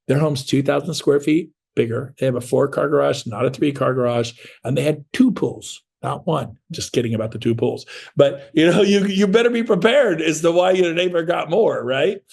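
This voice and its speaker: A middle-aged man gives a motivational training talk to real estate agents, with a gravelly, fry-laced voice. He speaks bluntly and with lots of energy, slipping into quick acted-out exchanges with clients. His voice sits a little high for a man. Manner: blunt and energetic, acts out dialogues. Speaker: real estate sales coach.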